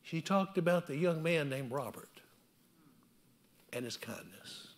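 A man's voice: on the high side, expressive, unhurried. A male pastor giving a sermon in a chapel, telling stories and asking repeated rhetorical questions. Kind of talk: sermon with storytelling.

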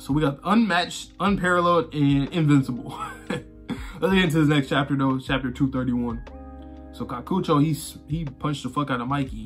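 A man casually talking through his reaction to a manga, rambling and conversational, swearing freely and filling gaps with "you know" and "like.". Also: mid-range voice. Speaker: manga reaction channel host.

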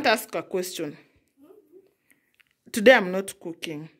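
A woman's voice: on the low side, takes it slowly, husky. A young mother from Africa scolding her child at home, exasperated, repeating herself. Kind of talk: casual scolding vlog.

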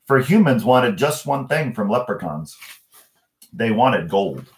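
A man's voice: medium pitch, very animated, unhurried. Man reading a children's story aloud. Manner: gentle, asks the listeners questions. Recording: echoey room.

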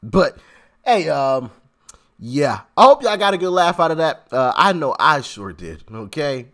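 Laughing, stammering vlogger man, lively voice. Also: on the high side, a little slow. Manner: laughing, repeats words, stammering restarts. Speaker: commentary vlogger. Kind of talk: casual political commentary.

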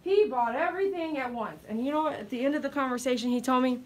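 A woman's voice: high voice, fast talker. Chatty middle-aged woman, distant mic. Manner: chatty, animated storytelling with quoted voices. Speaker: dog groomer. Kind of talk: casual vlog talk while grooming.

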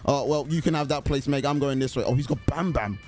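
A young man giving excited live commentary on a horror game he is playing, chatting to his teammates and the killer. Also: medium pitch, fast, faint music behind. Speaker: gaming YouTuber.

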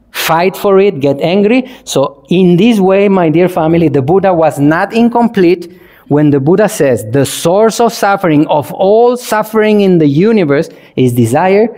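Animated monk giving a dharma talk. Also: male voice, fairly high pitch. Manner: animated, asks the audience questions, acts out examples. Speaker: Buddhist monk teacher.

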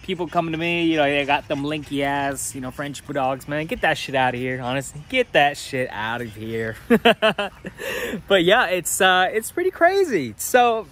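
A man's voice: on the high side, animated, moderate pace, a bit bright. Laid-back cursing young man. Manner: rambling, profane, laid-back. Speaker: dog breeder. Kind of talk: casual vlog chat.

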